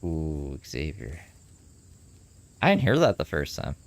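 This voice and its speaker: A streamer reacts live to a livestream with casual, chatty commentary, swearing and laughing along the way. His voice rumbles low, swoops wildly in pitch, and moves slowly.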